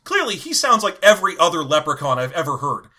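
A man's voice: fairly high pitch, very animated, quick pace, sharp tone. A man co-hosting a casual comedic podcast, playful and laughing as he reads listener questions. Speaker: podcast co-host.

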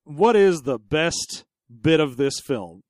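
A man's voice: on the high side, animated, takes it slowly, darkish tone, no echo, studio quality. A man co-hosting a podcast, chatting casually about a film and acting out quotes from its characters. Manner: jokey, acts out characters in quotes. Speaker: podcast co-host. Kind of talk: casual chat.

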